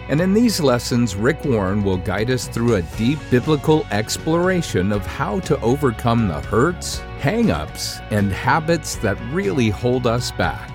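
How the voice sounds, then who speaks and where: A man reads an enthusiastic program introduction with a lively, varied delivery. Guitar music plays clearly underneath his voice. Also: medium pitch. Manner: upbeat, enthusiastic. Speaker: radio program host.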